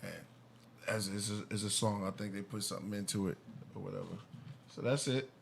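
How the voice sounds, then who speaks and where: A man hosting a live stream, talking in a laid-back way with lively short remarks. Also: lowish voice, brisk, creaky, a little hiss or hum. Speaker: show host. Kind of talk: casual live-stream chat.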